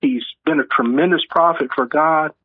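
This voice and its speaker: A man's voice: fairly high pitch, normal speed, breathy edge, no room sound. A man, an author being interviewed, talking earnestly and telling stories. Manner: earnest, storytelling, acts out quotes. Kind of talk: conversational interview. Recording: tinny phone-line audio.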